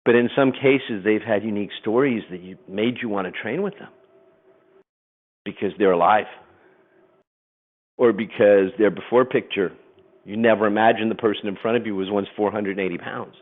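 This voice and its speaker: A middle-aged man giving a webinar presentation, telling stories in an animated way and acting out voices. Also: on the low side, moderate pace, pauses often. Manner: animated storyteller, acts out voices. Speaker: program presenter. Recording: phone-like webinar audio.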